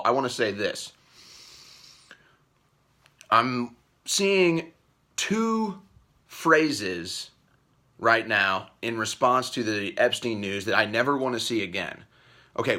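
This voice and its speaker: A man hosting political commentary, ranting angrily and profanely, repeating himself and swinging from a low mutter up to shouting. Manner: angry, profane, repetitive rant.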